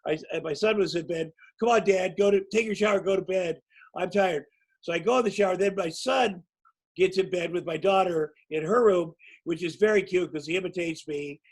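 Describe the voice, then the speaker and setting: A man in his sixties with a notably high voice spins loose, rambling anecdotes as a guest. He tells them casually and pokes fun at himself as he goes. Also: a little fast, breathy edge, rough recording. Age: 60s. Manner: rambling, anecdotal, self-mocking. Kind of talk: casual storytelling.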